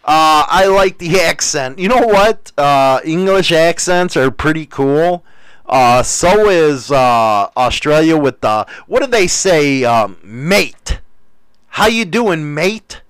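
A man's voice: fairly high pitch, expressive, slow, fairly bright tone, clear, resonant tone, no room sound. A man from the United States hosting a stream, reading chat and rambling crudely with lots of fillers and jokes.

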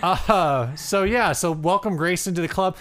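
A man's voice: high voice, measured pace, fairly bright tone. A man co-hosting a podcast in casual chat, joking and teasing his partner. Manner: jokey, teasing banter. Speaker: podcast co-host.

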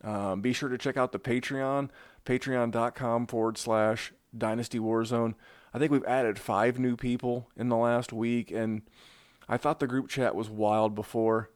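Male podcast host, average pitch, chatty and animated, dry close recording. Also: measured pace, no room sound. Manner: conversational, animated analysis with frequent restarts. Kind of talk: casual fantasy football podcast chat.

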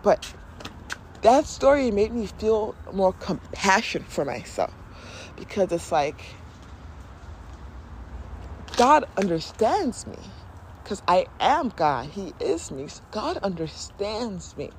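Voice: medium pitch, big pitch swings, slow, long pauses, a little hiss or hum. A podcast host talking candidly and emotionally in a casual spiritual monologue, often laughing and acting out inner voices.

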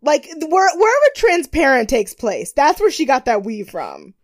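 A woman's voice: sits high, huge pitch swings, moderate pace. A woman co-hosting a podcast, chatting casually about a TV show, laughing often and breaking into mocking impressions. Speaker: podcast co-host. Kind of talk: casual chat recapping a TV show.

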